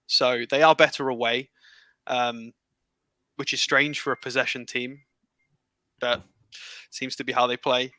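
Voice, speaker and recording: A man co-hosting as the stats analyst, talking through numbers in a careful, halting way with many fillers. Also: medium pitch, little pitch movement, pushed and bright, no room sound, poor audio. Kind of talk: casual football analysis chat.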